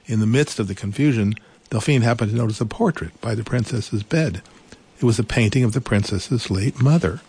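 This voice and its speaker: A man reading a children's storybook aloud in a gentle, unhurried way, adding small asides. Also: mid-range voice, husky.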